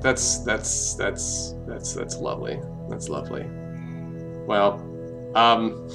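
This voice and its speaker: A man's voice: on the low side, expressive, takes it slowly, over music. A man making casual, self-mocking let's play commentary. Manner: self-mocking, rambling, jokey. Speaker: gaming YouTuber.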